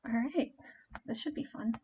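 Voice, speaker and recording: A woman's voice: moderate pace, a little hiss or hum. A woman narrating a tabletop game as game master, in a chatty, rambling way. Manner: rambling, chatty, self-correcting. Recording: dull lo-fi stream audio.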